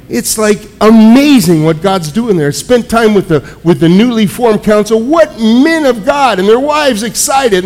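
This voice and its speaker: A man preaching to a congregation, telling personal stories in an animated way with frequent restarts. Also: sits high. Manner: animated storytelling, many restarts. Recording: echoey hall with long reverb.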